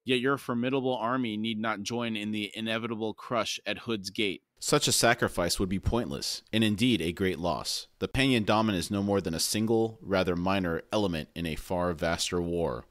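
A man's voice: lowish voice, moderate pace, few pauses, fairly bright tone, dry recording, voice pushed down, lightly acted. A cold, contemptuous male herald of a death god, inhuman and sneering, as a man reads him aloud. His scorn carries in a dry, close recording with no room around it.

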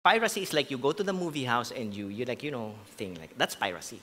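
A man's voice: medium pitch, lively intonation, fast, pushed and bright, big-room sound, slight background noise. A man with a Filipino accent preaching a sermon as pastor, switching between English and Tagalog in a conversational, joking way. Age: adult with a grown son. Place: large church hall.

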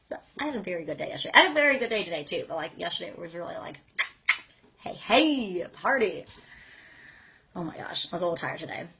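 A woman's voice: lowish voice, big pitch swings, racing, sharp tone, slight background noise. A young woman hosting a casual live stream chat, reading fan comments aloud in a bubbly, giggly, gushing way with lots of "like" fillers.

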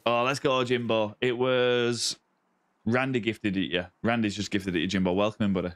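A lowish male voice at normal speed and with a level tone belongs to a Lancashire man from northwest England, near Yorkshire. He banters through a live game stream and greets viewers by name.

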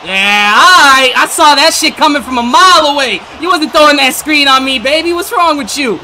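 High bright-voiced dude yelling and cursing at his opponent while gaming, voice all over the place. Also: lively intonation, normal speed, slight background noise. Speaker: gaming YouTuber. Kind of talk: live gameplay commentary.

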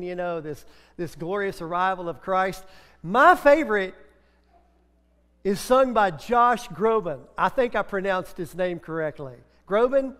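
A middle-aged male preacher with a high voice delivers a homey, story-filled sermon. His words carry a long reverb tail from the church sanctuary. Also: fairly bright tone. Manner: chatty storytelling, breaks into song.

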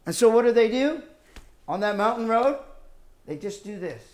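A man with a high, lively voice delivers a sermon. He presses his points with rhetorical questions and shifts between forceful emphasis and hushed, low asides. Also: moderate pace. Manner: emphatic, rhetorical questions, swings from loud to quiet. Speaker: preacher.

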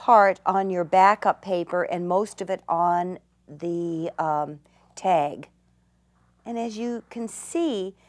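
A woman's voice: mid-range voice, a little mellow. An older woman demonstrating a craft technique, gushing with enthusiasm and dropping to delighted whispers. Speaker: craft instructor.

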